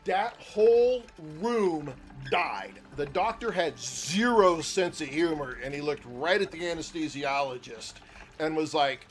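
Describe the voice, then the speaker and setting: A middle-aged man streaming a game, telling a crude story in a loose, profane, excitable way. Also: fairly high pitch, moderate pace. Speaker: gaming streamer. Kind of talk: casual chat while gaming.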